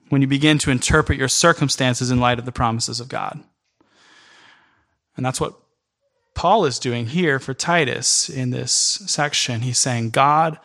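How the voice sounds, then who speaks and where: A man preaching a sermon in an earnest, emphatic way, speeding up in bursts and then slowing down. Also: medium pitch, a bit bright. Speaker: pastor. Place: church in New York City.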